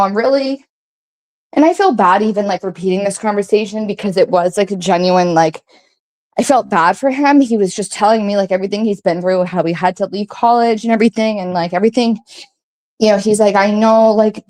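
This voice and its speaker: A woman's voice: mid-range voice, darkish tone. A woman telling a long story in casual chat, rambling with many fillers, swearing freely and acting out what others said. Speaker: guest recounting a story.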